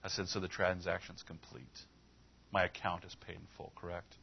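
A man's voice: deep voice, level tone, moderate pace, gravelly, dull audio, a little hiss or hum. A man preaching a sermon as pastor, telling a story in a conversational way and retelling dialogue with rising emphasis.

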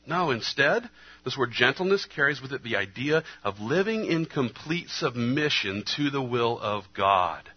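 A man preaching a sermon earnestly, his delivery moving between hushed, slow passages and emphatic ones. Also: medium pitch, expressive, husky. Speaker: pastor. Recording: slightly dull lo-fi sound.

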